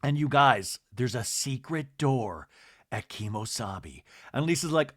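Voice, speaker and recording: A man's voice: mid-range voice, animated, unhurried, fairly bright tone, no echo, clean studio sound. A man hosting a comedy podcast, recapping a reality show in a gossipy, dramatic way and mimicking the people in it. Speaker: podcast host.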